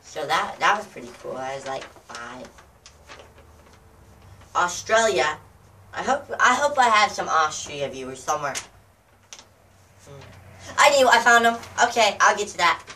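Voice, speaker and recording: Out in the cold, a woman from the US addresses her viewers in a loose, rambling vlog full of jokes and sidetracks. Her low-pitched voice has a sharp tone and a sing-song lilt, running a little slow with frequent pauses. Slight background noise and faint outdoor ambience come through a distant mic.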